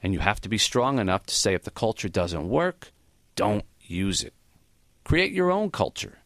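A man reading the part of a frail, dying old male professor who speaks gently and matter-of-factly. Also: fairly low pitch, big pitch swings, dry recording, studio quality. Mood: gentle. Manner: gentle, unhurried, matter-of-fact.

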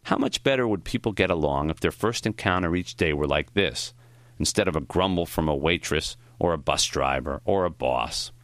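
A man's voice: rumbling low, normal speed, a bit bright, no echo. Male audiobook narrator, first-person memoir, reflective storytelling, dry close sound.

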